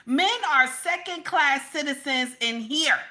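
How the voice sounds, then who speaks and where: A woman's voice: sits high, animated, slow pace, sharp tone. A middle-aged woman giving casual, emphatic reaction commentary, repeating her points in a preachy way.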